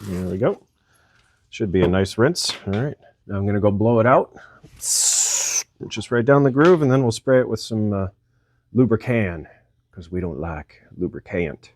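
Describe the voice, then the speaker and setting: A man's voice: on the low side, moderate pace, long pauses, a little mellow. A middle-aged man casually narrating a chainsaw repair in his workshop, rambling and joking at his own expense with frequent chuckles. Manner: rambling, self-deprecating, chuckles often. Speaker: channel host repairing a chainsaw.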